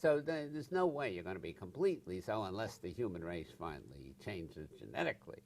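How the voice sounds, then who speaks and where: Older man, low and animated, blunt and emphatic interview guest. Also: brisk, a little hiss or hum. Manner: blunt, emphatic, acts out angry outbursts with swearing. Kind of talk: interview answers.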